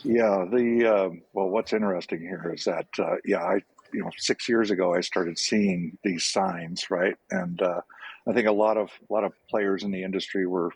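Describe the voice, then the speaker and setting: A man's voice: low voice, steady tone, normal speed, vocal fry, breathy edge, no echo, poor audio. A man who runs a repair shop, speaking conversationally on an industry panel. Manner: conversational, with many fillers. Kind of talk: panel discussion.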